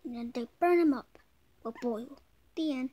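A high-voiced woman tells a homemade story in a playful way. She voices every figure herself and barks for the dog. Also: normal speed, mellow. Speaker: video creator.

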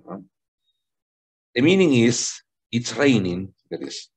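A husky-voiced man teaches English over a video call in an online language lesson. His pitch is lively, and he is patient and repetitive, explaining slowly, saying "okay?" again and again, and switching into Spanish.

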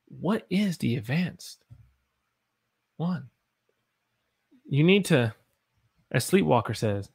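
A Southern U.S. man teaching English on a live stream reads chat comments aloud, upbeat and playful, with playful voices. His mid-range voice is animated, creaky and slightly rough, slow-paced with frequent pauses.

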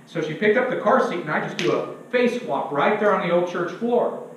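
High-voiced preacher in an echoey church. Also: male voice, lively intonation, brisk, slight background noise. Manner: emphatic, asks the congregation to fill in words; self-deprecating humor. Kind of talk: sermon. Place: church sanctuary. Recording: very echoey church, distant and dull.

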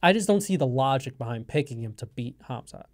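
A man's voice: mid-range voice, brisk. A man co-hosting a college radio sports show, talking in a casual, joking and opinionated way, making firm predictions. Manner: animated, joking, speaks in absolutes. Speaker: co-host.

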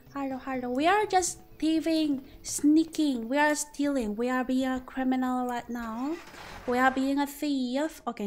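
A woman's voice: fairly high pitch, darkish tone. A young woman streamer chatting playfully as she plays, rambling and joking at herself. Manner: playful, rambling, self-mocking. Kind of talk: casual game-stream chat.

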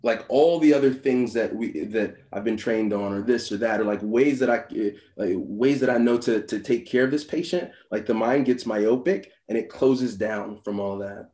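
A man's voice: on the low side, dark tone. Rambling man telling a story, echoey room. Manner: halting, full of "like" fillers and restarts, laughs often. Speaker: meditation teacher. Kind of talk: personal storytelling in a dharma talk.

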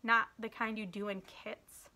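Woman reading aloud as a rude schoolboy, sarcastic, drawn-out, mocking, storybook. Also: medium pitch, little pitch movement, sharp tone.

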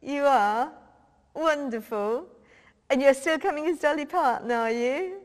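A woman's voice: sits high, measured pace. A woman playing a brash, cheeky middle-aged female cabinet minister, who chats bluntly on the phone and swears freely in a comic sketch. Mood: breezy. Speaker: comedian. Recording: long hall reverb.

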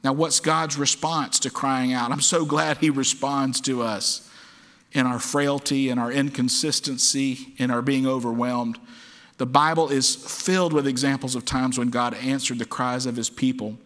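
A man's voice: medium pitch, fairly even intonation, moderate pace, a bit bright. A man preaching a sermon as pastor, acting out quoted cries with dramatic force. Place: church sanctuary. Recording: long church hall reverb.

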